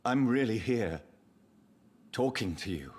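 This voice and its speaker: Deep-voiced, sorrowful son. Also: male voice, lively intonation, slow, breathy edge, heavily acted. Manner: quiet, restrained, gentle. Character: sorrowful adult son, restrained, gentle. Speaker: game character. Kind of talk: video game voice acting. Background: game music.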